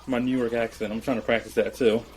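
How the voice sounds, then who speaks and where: A man's voice: medium pitch, level tone, fast talker, crowd noise. A man co-hosting a podcast in casual chat, laid-back and joking. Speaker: podcast co-host.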